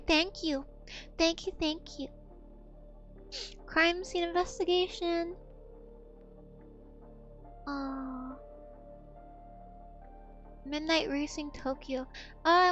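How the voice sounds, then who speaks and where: A woman's voice: high-pitched, a bit bright, highs cut off. A woman streamer telling a story in a blunt, profane, rambling way. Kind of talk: casual storytelling on a gaming stream.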